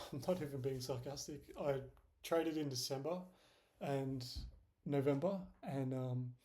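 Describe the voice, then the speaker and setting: A man's voice: medium pitch, dark tone. A young man in casual screen-share commentary, rambling and self-deprecating, with many fillers. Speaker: trading vlogger.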